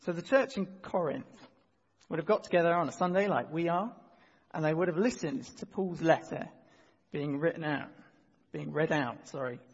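A male pastor with a husky, fairly high voice preaches at a moderate pace in a large hall. Earnest and vivid in his storytelling, he leads the congregation in reading, and the audio comes across dull.

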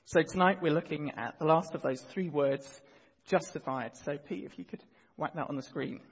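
A man's voice: fairly high pitch, fairly even intonation, normal speed, husky, in a large hall, lo-fi sound. A male pastor preaching a sermon to his church, painting vivid scenes and guiding the congregation through the reading. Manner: earnest, vivid storytelling, leads the congregation in reading.

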